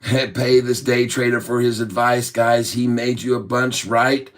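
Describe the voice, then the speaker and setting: Slow, drawling jokey man. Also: mid-range voice, little pitch movement. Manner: drawling and jokey, chuckling between remarks; slow, drawn-out delivery when explaining trades. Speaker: stock trading livestream host. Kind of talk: casual livestream chat, reading viewer comments.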